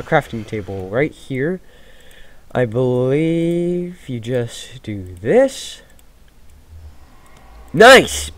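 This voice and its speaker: Guy doing laid-back let's-play commentary, voice bouncing up and down, hissy home recording. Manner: swings between loud excited shouts and low mumbled asides. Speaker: gaming video host. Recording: noisy home gaming recording.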